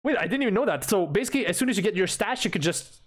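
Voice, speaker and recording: Excitable young man gaming, high voice. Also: rapid-fire. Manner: excitable, swearing, talks to himself and to enemies. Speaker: gaming streamer. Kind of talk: live gameplay commentary.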